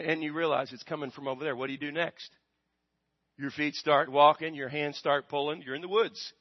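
Male pastor, American accent, sermon, call-and-response, slightly high voice, dull lo-fi sound. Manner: call-and-response with congregation, swings loud and soft. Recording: dull lo-fi recording.

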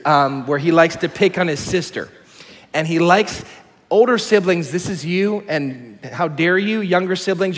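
A man in his thirties preaching a sermon as a pastor, telling stories with lively shifts between hushed and excited delivery. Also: fairly high pitch, in a large hall.

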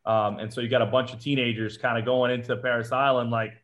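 Speaking quickly with a flat delivery, this Georgia-born former Marine recounts his story as an interview guest, acting out quotes and sprinkling in lots of "like" and "uh." His medium-pitched voice sounds a bit bright, and the recording has its highs cut off.

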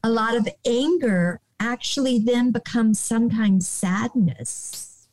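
An older American woman speaks slowly and gently in a podcast chat, her voice pitched a little high. She searches for words with many "you know"s and sometimes drops to a near whisper. The sound is close and dry. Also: no echo, poor audio. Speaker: guest, nonprofit director. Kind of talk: podcast interview, calm advice.

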